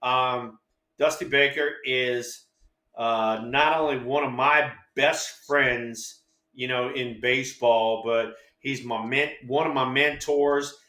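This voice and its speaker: A man in his sixties, co-host and former ballplayer, telling stories in casual chat, animated and profane, acting out quotes. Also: medium pitch, slow, reverberant.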